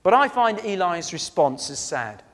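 A man's voice: high voice, sing-song, a little slow. Earnest preacher man, echoing hall. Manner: earnest, storytelling, emphatic swings between loud and soft. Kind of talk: sermon.

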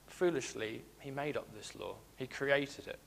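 A man preaching a sermon in a hall with a long, ringing reverb. His voice sits at an ordinary middle pitch, and he talks earnestly, repeating key phrases and reading scripture aloud between his points. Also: measured pace, gravelly, a bit bright, slight background noise.

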